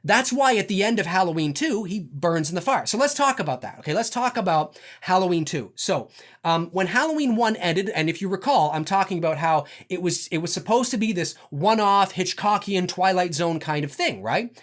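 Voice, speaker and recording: A man's voice: high-pitched, lively intonation, moderate pace, fairly bright tone. A man delivering an unscripted, profane film rant, emphatic and full of fillers. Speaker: film commentator.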